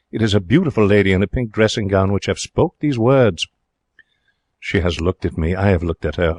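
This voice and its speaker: An actor playing an excitable young Frenchman in a radio drama, speaking broken English in a French accent with theatrical, emotional delivery. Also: fairly low pitch, no echo, natural voice. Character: young excitable romantic Frenchman, former hotel cashier. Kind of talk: 1940s radio drama narration.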